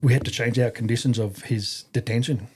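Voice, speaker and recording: A man's voice: medium pitch, steady tone, fairly quick, a little mellow, breathy edge. A man in his fifties with an Australian accent, an army veteran guest telling stories casually, rambling with fillers and casual swearing. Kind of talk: casual storytelling in an interview.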